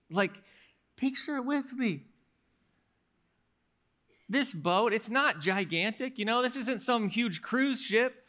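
A male pastor preaching a sermon in an animated storytelling manner, often restarting his words. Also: extremely high pitch.

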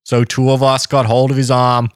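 Old boston sailor guy, slow and heavy, very dry sound, guy doing the voice. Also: mid-range voice, monotone, clear, resonant tone, no room sound, voice pushed up, close to an everyday voice. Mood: grim. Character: gruff old male navy sailor recalling a disaster.

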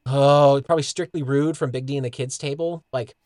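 A man talks through a podcast in a relaxed, earnest way, dropping the odd swear word. His pitch is in the middle range. The recording is close and dry. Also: brisk, no room sound. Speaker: podcast co-host. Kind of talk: casual chat.

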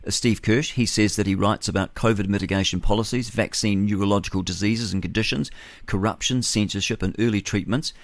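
A man's voice: on the low side, dry recording. A man with a New Zealand accent hosting a breakfast talk radio show, delivering a rambling, forthright monologue with chuckles and self-corrections into a studio microphone. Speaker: radio host.

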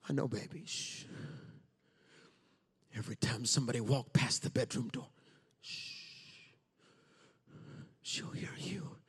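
A preacher voicing a caretaker in a whispered role-play, shushing and soothing a hidden child in a hushed voice. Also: male voice, mid-range voice, takes it slowly, pauses often, breathy edge, voice pushed down.

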